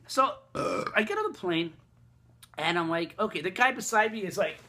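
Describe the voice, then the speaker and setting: Guy ranting about his trip, bright sharp voice, swears a lot, rambles. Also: high voice, animated, moderate pace. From Quebec, Canada. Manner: rambling, profane, exasperated. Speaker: vlogger. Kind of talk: casual storytelling rant.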